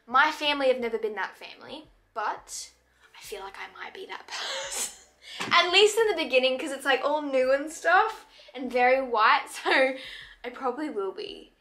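A woman's voice: high-pitched, pushed and bright. A young Australian woman in her twenties vlogging casually at home, rambling with lots of filler words. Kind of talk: casual vlog chat. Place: at home indoors.

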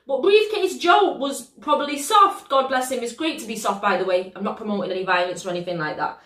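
Lively British woman reacting in a roomy space. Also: fairly high pitch. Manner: slangy, animated, quick to laugh. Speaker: reaction video host. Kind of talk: excitable casual reaction commentary.

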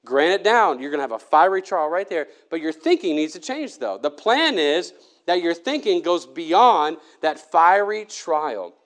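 A male preacher delivering a Sunday sermon with a fairly high voice. He talks earnestly and conversationally, stumbling and restarting as he presses his point. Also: expressive, unhurried, a bit bright. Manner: earnest, with frequent restarts and fillers.

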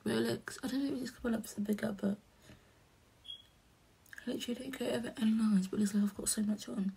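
A young woman vlogging casually as she does her makeup, talking softly and often half-whispering in a chatty way. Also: fairly high pitch, fairly even intonation, fast talker, creaky, breathy edge. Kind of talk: casual chat while doing makeup.

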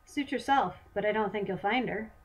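A woman's voice: medium pitch, moderate pace, close to an everyday voice. A woman reading a defiant airship commander. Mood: cool.

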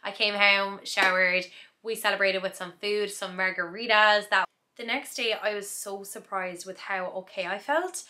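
A woman's voice: medium pitch, steady tone, normal speed, bright, forceful tone. A young woman chatting in a casual vlog, recapping her day in a reflective, talkative way with frequent laughs. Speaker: vlogger.

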